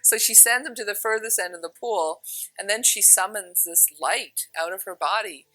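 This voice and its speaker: A woman with a bright, clear voice gives a spiritual teaching talk, earnest and emphatic. She leans on repeated phrases to drive points home. The sound is dry and close, with faint music underneath. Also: mid-range voice, normal speed, no room sound, rough recording.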